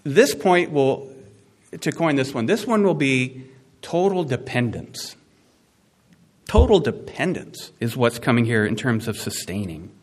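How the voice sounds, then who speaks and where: A man preaching a sermon, animated and conversational, with asides and emphatic rising peaks. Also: mid-range voice, measured pace. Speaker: pastor.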